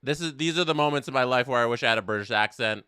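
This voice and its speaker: Speaking rapid-fire at a medium pitch, a young man provides live match commentary for his casual watch-along stream. His smooth voice is captured dry in studio quality, and he stays chatty, reading chat aloud and erupting with excitement at big plays.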